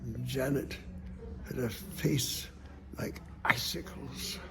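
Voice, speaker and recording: A man telling a folk tale aloud, playful and lively, with sound effects and sudden hushes. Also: mid-range voice, slow, vocal fry. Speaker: storyteller. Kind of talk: oral folk storytelling.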